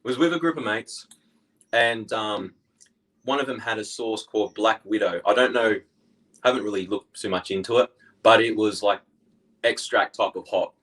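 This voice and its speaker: A man's voice: fairly low pitch, normal speed, a bit bright, low-quality recording. A young man with an Australian accent, a guest in casual chat, rambling through his stories and laughing along.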